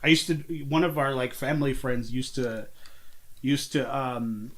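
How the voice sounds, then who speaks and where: A man's voice: medium pitch, a little slow, noisy background. A man co-hosting a podcast, casually joking, swearing and telling family anecdotes. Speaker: podcast co-host. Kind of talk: casual chat.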